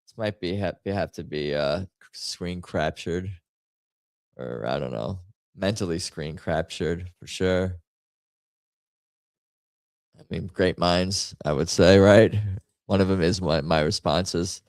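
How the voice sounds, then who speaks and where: A man with a fairly low voice chats casually while he plays a party game on stream. He rambles and jokes at his own expense. The sound is dry and close, with no room echo. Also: slow, pauses often, darkish tone, smooth. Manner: rambling, jokey, self-mocking commentary. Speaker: stream host playing party games.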